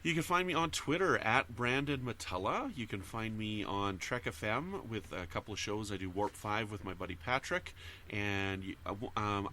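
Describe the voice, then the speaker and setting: Man, podcast guest, casual rambling chat, bright sharp tone, slight noise behind. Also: on the low side. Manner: rambling, halting with fillers and restarts.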